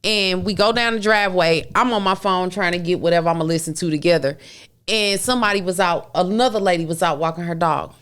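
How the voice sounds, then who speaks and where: A woman hosting a podcast, telling a story in casual chat, animated and profane, often breaking into laughter. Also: lowish voice, brisk, clear, resonant tone. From US Midwest. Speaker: podcast host.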